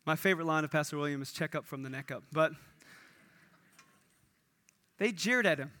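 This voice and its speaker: A man preaching a sermon in an animated way, acting out the lines he quotes. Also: a little high, moderate pace. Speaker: pastor.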